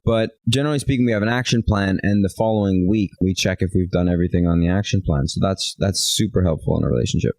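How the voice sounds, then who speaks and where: A man's voice: low-pitched, fast talker, few pauses, darkish tone, dry recording, low-quality recording. A man co-hosting a relationship talk show, telling stories animatedly and acting out bits of quoted dialogue. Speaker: podcast co-host. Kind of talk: casual chat.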